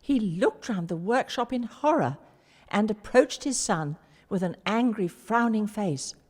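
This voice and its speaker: Woman storyteller, very lively pitch, long reverb. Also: measured pace. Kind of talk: storybook reading aloud.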